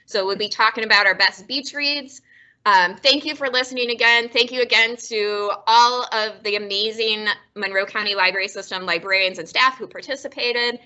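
Woman librarian chatting about books, bright higher voice, laughs at herself a lot, kinda dull lo-fi sound. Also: moderate pace. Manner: chatty, laughing, self-deprecating. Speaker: librarian and host. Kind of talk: casual book talk.

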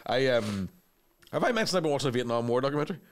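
Fast, lively man. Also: mid-range voice. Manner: quick, animated, jokey, slips into silly put-on voices. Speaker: podcast co-host. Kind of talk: casual banter.

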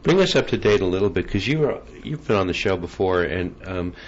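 Deep-voiced measured male show host. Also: animated. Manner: measured, with hesitant ums. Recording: dull lo-fi sound with faint hiss.

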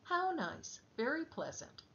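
A woman's voice: high voice, big pitch swings, measured pace, gravelly, sharp tone, dull audio, slight background noise, voice pushed up, heavily acted. A woman voicing a vain, chatty male parrot in a storybook reading, proud and a little bossy. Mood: pleased.

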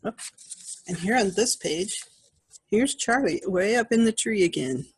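A woman's voice: medium pitch, lively intonation, breathy edge, no room sound. An older woman, a grandmother, reading a picture book aloud to small children, pointing out animals in the pictures. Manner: gentle, slow, pointing at pictures.

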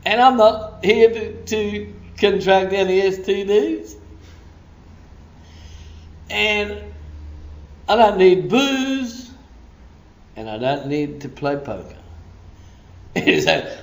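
A man, a pastor preaching a sermon in church, animated, laughing often as he acts out little scenes. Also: high voice, slow pace, long pauses.

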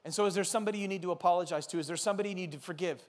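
High-voiced animated male pastor. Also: very fast. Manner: animated storytelling, urgent exhortation. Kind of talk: sermon.

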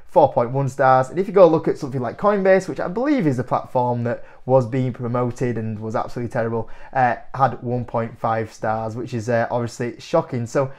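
A young man talking casually to camera as an investing YouTuber, animated and incredulous, laughing often as he reacts to comments. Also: mid-range voice, a little fast, hardly any pauses.

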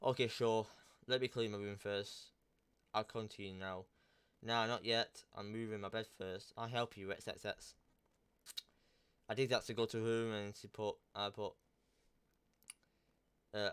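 Young guy, low clear voice, casual crude storytelling vlog, swears, rambles, corrects himself. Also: fairly even intonation, normal speed, pauses often, fairly bright tone. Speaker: YouTuber. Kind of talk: casual storytelling, reading out texts.

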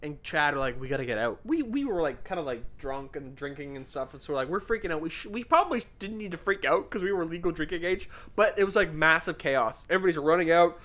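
A man's voice: high-pitched, fast, few pauses. A young man hosting a podcast, telling a party story in casual chat and acting out the quotes. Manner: animated, swearing, acts out quotes. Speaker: podcast host.

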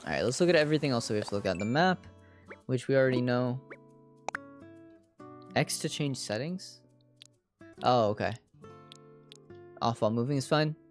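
Woman, game streamer, casual commentary, lively up-and-down pitch, sudden squealy outbursts, faint music behind. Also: moderate pace, pauses often. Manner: chatty narration of her own actions, with sudden squealing outbursts. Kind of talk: casual livestream gameplay commentary.

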